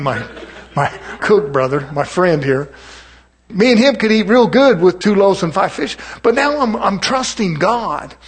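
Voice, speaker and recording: A man preaching a folksy sermon to his congregation, acting out doubters in quick asides. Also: fairly high pitch, husky. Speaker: pastor.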